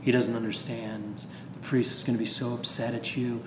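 A sneering male devil , put on by a man, muttering taunts in a low, hushed voice. The sound is roomy, with a long echo trailing each word and a faint hum of ambience underneath. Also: lively intonation, normal speed, vocal fry, recorded from a distance. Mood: taunting.

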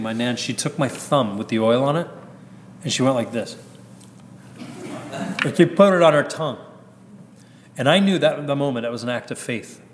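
A male priest tells a personal story in a loose, candid way and chuckles at his own jokes. His voice sits at an ordinary middle pitch. The sound carries a long reverb and a faint hum of background noise.

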